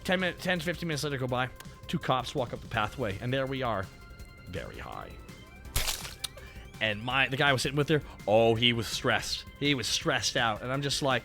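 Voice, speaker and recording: A man's voice: mid-range voice, sing-song, normal speed, bright, forceful tone, faint music behind. A Canadian man hosting a stream, telling a story in casual, swearing chat. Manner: swearing, storytelling with put-on voices. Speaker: streamer host.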